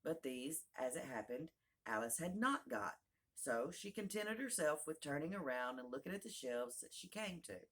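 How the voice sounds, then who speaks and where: A woman narrating a classic children's storybook aloud in a calm, measured way. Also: deep voice. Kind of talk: audiobook narration.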